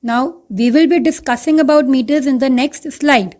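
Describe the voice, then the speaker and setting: A woman teacher with an Indian English accent walks students through a poem in an online slide lesson, going step by step, repeating key points and calling them children. Her voice sits high with a darkish tone at a moderate pace.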